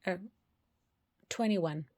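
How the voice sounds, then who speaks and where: A woman's voice: fairly low pitch, drawn-out words, mellow. A woman reading scripture aloud, carefully and with occasional restarts. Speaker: Bible reader.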